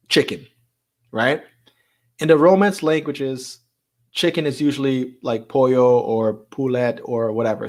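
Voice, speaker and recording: A man hosting a live stream in a casual, chatty way, laughing often and repeating words as he talks. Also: medium pitch.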